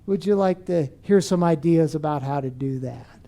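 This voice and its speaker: A man voicing a gentle female kindergarten teacher who speaks softly and with empathy to an upset child. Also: fairly high pitch, normal speed, gravelly, voice pushed down. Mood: soothing. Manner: soft, empathetic, coaxing.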